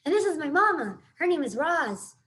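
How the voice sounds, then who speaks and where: A woman voicing an anxious, excitable young gosling boy in a storybook read-aloud, with high, worried cries. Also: fairly quick. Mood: cheerful.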